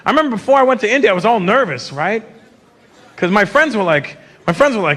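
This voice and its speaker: Brash and animated, a Canadian comedian in his fifties does a stand-up set of profane stories in a high-pitched voice at a quick pace. The live stage mic picks up a loud crowd, with laughter and applause in the background.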